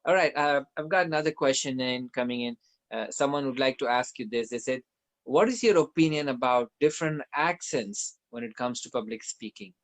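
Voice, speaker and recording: A man's voice: mid-range voice, brisk. A man from the Philippines, hosting a webinar on a video call and reading out viewer questions with hesitant fillers. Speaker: webinar host.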